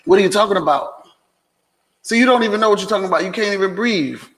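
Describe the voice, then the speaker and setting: A man's voice: high-pitched, fast, a bit bright, big-room sound. A man hosting a casual vlog and Q&A at home, teasing and laughing, then explaining things plainly. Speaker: host.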